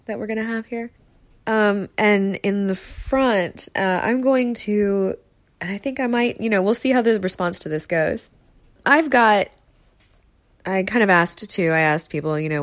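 Rambling, self-deprecating woman chatting from bed. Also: lowish voice. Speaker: comfort audio creator. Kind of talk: casual chat to listeners. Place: bedroom, on her bed with her dogs. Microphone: close mic.

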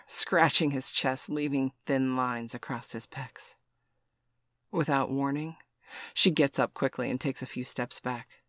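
A man narrates a scripted adult story in a soft, unhurried way. His voice sits at a medium pitch and sounds dry and close, with no room echo.

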